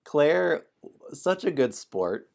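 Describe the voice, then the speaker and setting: Man, game stream host, playful, apologetic, laughs often, slow, lively pitch. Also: creaky. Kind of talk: casual stream chat and storybook narration.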